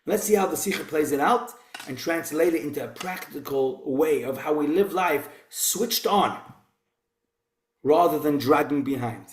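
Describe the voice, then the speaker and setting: A man leads an informal Torah class and talks conversationally through rhetorical questions. His voice sits a touch high, and a roomy echo hangs around it. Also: moderate pace. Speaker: rabbi teaching a Torah class.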